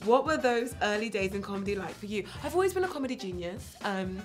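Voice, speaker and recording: A British woman in her thirties, a comedian answering quick-fire interview questions in a brash, boastful, self-mocking way. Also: medium pitch, expressive, soft background music. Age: 30s.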